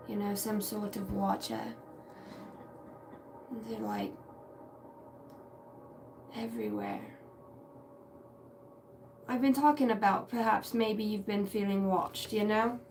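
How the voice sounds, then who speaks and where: A woman's voice: mid-range voice, takes it slowly, pauses often. A woman giving a casual livestream tarot reading. She talks in a meandering, reflective way and swears casually now and then. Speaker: tarot and intuitive reader. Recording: distant mic with faint background noise.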